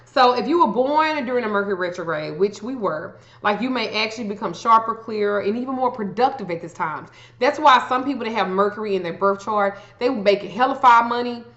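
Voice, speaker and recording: A woman's voice: medium pitch, lively intonation, a little fast, hardly any pauses, a bit bright. A woman giving astrology advice in a blunt, profane, casual rant. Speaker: astrology vlogger. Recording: echoey room, dull lo-fi sound.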